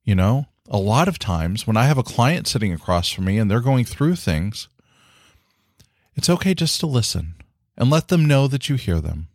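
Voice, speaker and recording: A man's voice: medium pitch, very animated, normal speed, no room sound, studio quality. A man hosting his own podcast in casual solo talk, earnest and encouraging, with many fillers like "you know.". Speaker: podcast host.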